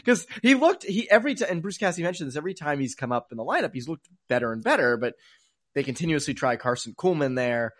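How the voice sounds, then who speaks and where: A man's voice: fairly high pitch, very animated, fast talker. A young man co-hosting a casual sports podcast, rambling and self-mocking, laughing often between thoughts. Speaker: podcast co-host.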